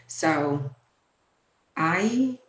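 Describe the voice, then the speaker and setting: A woman in her forties, hosting her own show, telling a painful personal story in a halting, emotional way with many fillers. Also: low-pitched, animated, a bit bright. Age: 40s. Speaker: host. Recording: echoey room.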